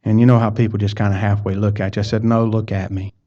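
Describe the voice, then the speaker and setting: Folksy man preaching, mellow voice. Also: fairly low pitch, flat delivery, fast. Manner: folksy storytelling, repeats words. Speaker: pastor. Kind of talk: sermon with personal story. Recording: dull lo-fi sound.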